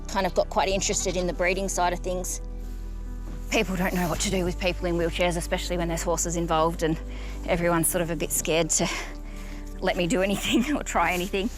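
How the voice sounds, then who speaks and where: A young woman with an Australian accent speaks in a low-set voice, explaining her farm work plainly and without fuss. She is outdoors in a paddock, recorded for a rural documentary. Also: steady tone, fairly quick, soft background music, low-quality recording. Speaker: goat breeder.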